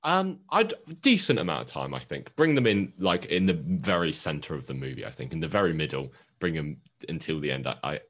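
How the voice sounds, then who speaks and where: A man's voice: a bass voice, very animated, brisk, few pauses, a bit bright. A man co-hosting a podcast in casual chat, joking and tripping over words with a laugh. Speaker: podcast co-host.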